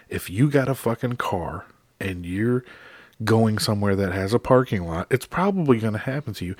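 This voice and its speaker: A middle-aged American man rants with exasperated, profane emphasis. His voice is low and husky, recorded dry and close with no room sound. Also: a little mellow, dry recording. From United States. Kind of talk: profane comedic rant to camera.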